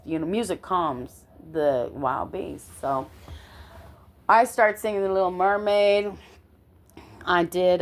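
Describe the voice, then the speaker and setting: A middle-aged woman telling a personal story in an animated way, often checking in with the listener. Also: fairly low pitch. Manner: animated, constantly checks in with "okay?".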